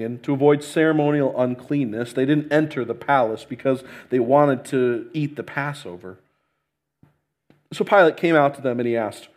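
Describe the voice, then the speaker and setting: A male pastor praying and then reading scripture aloud in an earnest, emphatic way. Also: mid-range voice. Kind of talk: sermon with prayer and scripture reading.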